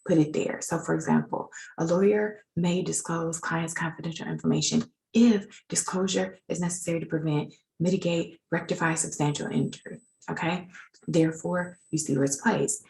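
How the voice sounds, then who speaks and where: A woman's voice: low voice, steady tone, moderate pace, vocal fry, darkish tone, rough recording. A woman teaching legal writing in an informal recorded lecture, chatty and self-deprecating as she edits her slides.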